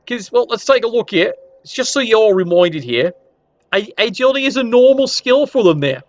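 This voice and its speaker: A man's voice: high-pitched, animated, moderate pace, muffled recording. A man giving casual, wry commentary while reviewing a league, swearing now and then. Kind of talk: casual commentary over screen.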